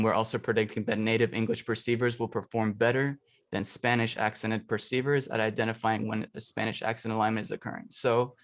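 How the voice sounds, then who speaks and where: Low-voiced young guy presenting his student research, explains slowly, lots of um's, repeats his main question. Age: young adult. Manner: explanatory, frequent um fillers, restates points. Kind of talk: academic presentation. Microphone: computer mic for an online presentation.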